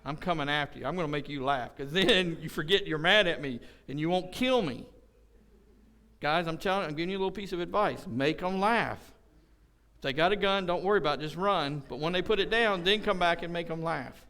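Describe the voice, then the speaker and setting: This pastor's brisk, fairly bright voice sits on the high side. Delivering a relaxed sermon to his church, he cracks jokes and tells homespun tales, acting out the quoted lines.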